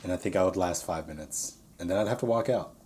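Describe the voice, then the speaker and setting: A man's voice: low voice, quick pace, darkish tone, a little hiss or hum. A man hosting a podcast, chatting casually with friends in a blunt, teasing, opinionated way. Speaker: podcast host. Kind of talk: casual chat.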